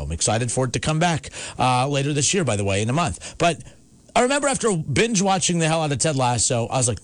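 A man's voice: on the high side, very animated, brisk, no echo. A man hosting a call-in sports talk show from the United States, ranting emphatically, with repeated words and restarts. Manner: emphatic, repetitive, stammering restarts. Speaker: sports radio host.

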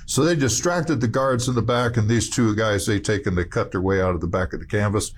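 A man's voice: on the low side, a little fast, few pauses, a little hiss or hum. A man giving emphatic, rambling storytelling commentary, full of restarts and asides.

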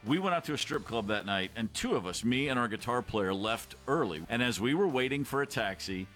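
A man hosting a podcast, telling an animated anecdote and acting out quotes. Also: medium pitch, a little fast, soft background music. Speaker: podcast host, former rock drummer. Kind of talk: storytelling anecdote.

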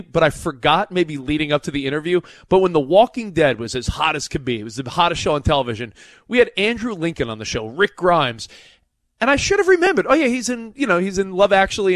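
A man's voice: on the high side, big pitch swings, quick pace, fairly bright tone, no room sound, studio quality. A man co-hosting a sports radio show, telling stories in chatty, stumbling banter. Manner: chatty storyteller, stumbling restarts.

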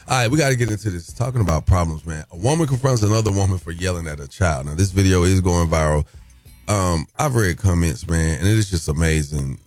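A man hosting a morning talk radio show, chatting casually in a relaxed, conversational way. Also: low-pitched, fast talker, no room sound, soft background music.

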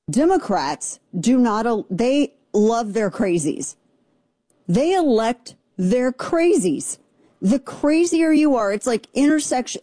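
A woman hosting a talk radio program in a studio, rambling from one joke to the next in an easy, chatty way. Her voice is warm and mellow, and the close mic is dry. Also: mid-range voice, dry recording. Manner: chatty, rambling, jokey digressions. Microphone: studio microphone.

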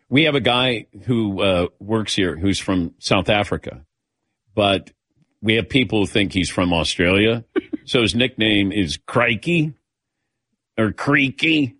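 A man's voice: fairly low pitch, expressive, slow, long pauses, fairly bright tone, dry recording, clean studio sound. A man hosting a sports talk show, chatting casually and calling on his crew by name with frequent chuckles.

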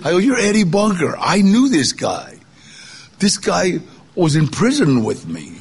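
A man's voice: high voice, very animated, unhurried, breathy edge. An older man telling his life story in a casual, conversational way, acting out the voices of people he quotes. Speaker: guest storyteller. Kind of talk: personal storytelling.

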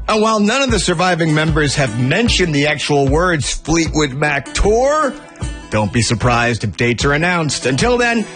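A man presenting a radio show in a lively, jokey way. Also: on the high side. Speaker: radio host.

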